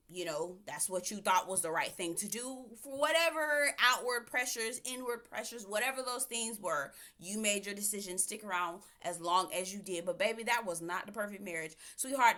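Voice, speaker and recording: A woman's voice: mid-range voice, bright, forceful tone. A woman giving sassy, emphatic commentary on a reality show, talking straight at the people in it. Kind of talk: opinionated casual commentary.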